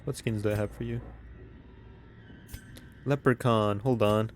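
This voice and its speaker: A man's voice: fairly low pitch, fairly even intonation, measured pace, faint music behind. A man streaming a video game, joking and rambling in casual commentary and laughing often.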